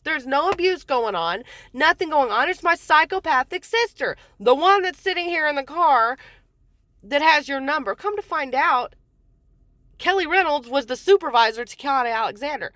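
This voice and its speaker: A woman in her forties tells her own story in a blunt, heated rush, swearing freely and acting out what others said to her. Her voice sits a little high. The recording is close and dry, with no room sound. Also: animated, normal speed, a bit bright, dry recording. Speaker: mother telling her story. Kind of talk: angry personal storytelling.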